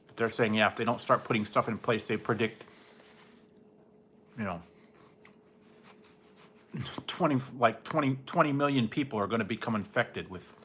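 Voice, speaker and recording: Male streamer, loose chatty ramble, quick to laugh. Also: mid-range voice, a bit bright, slightly rough. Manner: rambling, laughs often, mimics people in goofy voices. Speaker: livestream host. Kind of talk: casual late-night livestream chat.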